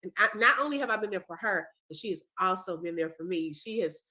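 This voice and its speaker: A woman's voice: lowish voice, expressive, quick pace, pushed and bright. A woman hosting a casual video-call chat, praising a former student with emotion and often saying "when I tell you". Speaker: host, former teacher.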